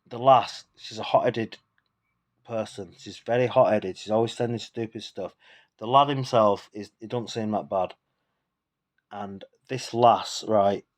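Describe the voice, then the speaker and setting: A man rants straight to camera, a few drinks in. His voice sits at an ordinary middle pitch. He rambles, swears freely and sounds indignant throughout. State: tipsy from drinking. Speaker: vlogger. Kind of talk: ranting casual monologue.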